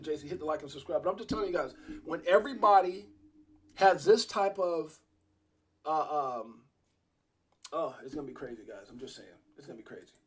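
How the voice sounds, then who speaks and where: Excitable husky-voiced male streamer. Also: sits high. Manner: excitable, repetitive, storytelling. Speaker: crypto livestream host. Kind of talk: casual livestream talk.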